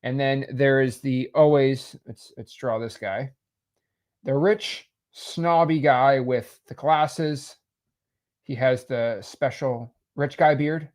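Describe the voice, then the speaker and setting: A man casually teaching real estate wholesaling while sketching, animated and salesy. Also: medium pitch, takes it slowly. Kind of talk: casual whiteboard explainer.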